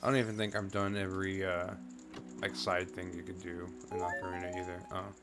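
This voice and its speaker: A man's voice: low voice, monotone, a little fast. A man streaming a game, chatting casually and thinking aloud as he plays. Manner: rambling, thinking aloud with fillers. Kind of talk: casual commentary while playing a game. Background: game music.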